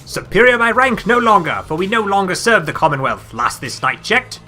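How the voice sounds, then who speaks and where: A man doing a grandiose, stately knight from a fantasy video game who declaims in old-fashioned phrases and refers to himself in the third person. The voice is bright and ringing, with a lively, sweeping pitch, and faint game music sits behind it. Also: normal speed, full character voice. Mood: defiant. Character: pompous proud male worm knight.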